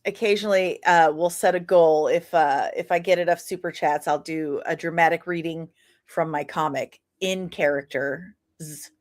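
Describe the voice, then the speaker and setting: A woman hosting a podcast, chatting in a quick, excitable way and laughing often. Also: deep voice. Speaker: podcast host. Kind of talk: casual podcast chat.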